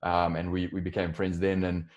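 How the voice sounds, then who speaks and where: A man's voice: low-pitched, little pitch movement, normal speed. A man in his forties from South Africa with a South African accent, a podcast guest talking casually about his career with frequent restarts and fillers. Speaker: podcast guest, software co-founder. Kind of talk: casual interview.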